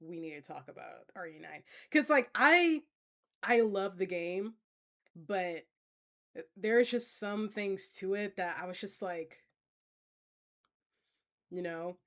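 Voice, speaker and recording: A woman's voice: medium pitch, expressive, slow pace, long pauses. A woman streamer talks casually through a Q&A with her chat. She rambles loosely, full of fillers, and often breaks into laughter. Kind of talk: casual Q&A reading chat comments.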